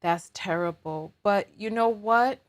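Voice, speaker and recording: A woman's voice: mid-range voice, unhurried. A woman hosting a reaction show, commenting on a clip in a stunned, incredulous and emphatic way. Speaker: host reacting to a video.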